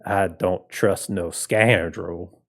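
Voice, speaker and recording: A man voicing a gruff, threatening male western cowboy gambler with a drawl. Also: sits low, steady tone, extremely slow, exaggerated voice. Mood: menacing.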